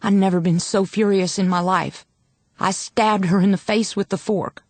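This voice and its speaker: A woman narrating a dramatic audiobook in a measured first-person reading. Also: medium pitch, fairly even intonation, dry recording.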